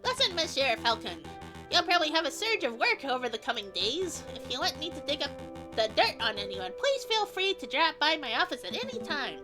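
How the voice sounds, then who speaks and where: A woman voicing a suave male fox who works as a private investigator, flattering and theatrical. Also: sits high, a little fast, music in the background. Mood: scheming.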